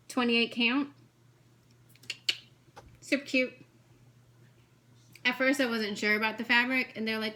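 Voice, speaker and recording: A woman chatting quickly and excitedly as she shows her cross-stitch projects, jumping from one topic to the next. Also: a little high. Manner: fast, chatty, jumps between topics; excitable, gushing. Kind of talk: casual chat showing craft projects.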